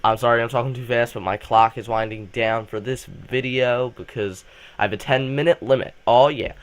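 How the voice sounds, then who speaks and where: A young man, a student, hosting a casual fan vlog, rambling excitedly with lots of fillers and restarts while coming down with a cold. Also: medium pitch, moderate pace. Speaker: channel host.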